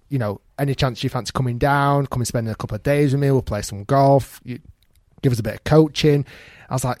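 A man's voice: mid-range voice, dry recording. Male podcast host, dry sound. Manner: animated storyteller, acts out quotes. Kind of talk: casual chat.

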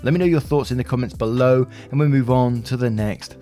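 A man reads out online advice stories and the comments on them at a mid pitch. He adds his own blunt, opinionated remarks between the posts. Soft music runs quietly underneath. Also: a little fast. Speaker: narrator reading forum posts. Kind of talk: casual reading and commentary.

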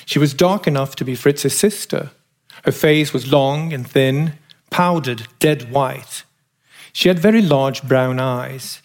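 A man reading a novel aloud as narrator, in a measured, wry storytelling manner. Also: mid-range voice, creaky. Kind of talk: audiobook reading.

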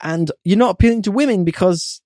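A man's voice: high voice, brisk, mellow, dry recording, clean studio sound. A man co-hosting a casual film podcast, blunt and swearing freely as he talks. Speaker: podcast co-host. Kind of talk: casual film review chat.

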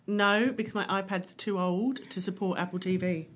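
A woman co-hosting a casual chat about TV shows, eagerly chiming in with quick reactions and opinions. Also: mid-range voice, fairly even intonation.

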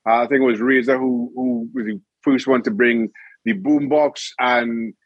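A man's voice: mid-range voice, moderate pace, dry recording, highs cut off. A middle-aged man, a former goalkeeper, chatting as a guest and telling stories with laughter. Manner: animated storyteller, laughs often. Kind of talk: casual interview chat.

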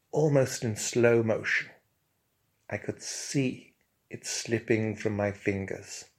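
Man, pompous comic narration, slow and deliberate. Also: fairly low pitch. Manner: pompous, mock-grand storytelling. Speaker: comic storyteller.

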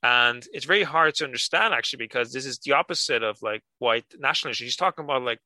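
A man's voice: medium pitch, lively intonation, fast talker, bright, forceful tone, dry recording, rough recording. A man co-hosting a book podcast, rambling hesitantly with lots of "like" as he talks about a novel. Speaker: podcast co-host. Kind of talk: casual chat.

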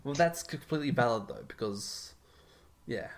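A man's voice: medium pitch, animated, moderate pace, very noisy. A young Australian man co-hosting a podcast, explaining at length in casual chat and laughing often. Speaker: podcast co-host.

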